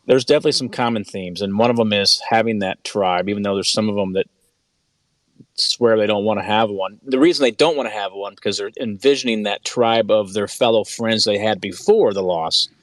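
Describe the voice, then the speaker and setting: A man with a fairly low voice speaks as an interview guest, earnest and conversational. He often restarts and repeats words as he tells his stories. The recording is dry, with almost no room sound. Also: fairly quick, no echo. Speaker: author and guest.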